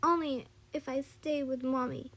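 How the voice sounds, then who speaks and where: Tearful clingy little girl, high voice, read by a woman; fan story reading. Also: fairly even intonation, a little slow, a bit bright.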